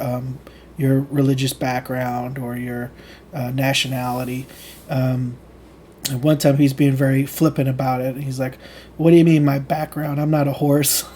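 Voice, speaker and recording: A man's voice: medium pitch, mellow, a little hiss or hum. A man who reads a lecture passage aloud and then explains it in his own words, reflective and full of ums and restarts. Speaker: channel host reading and explaining lectures.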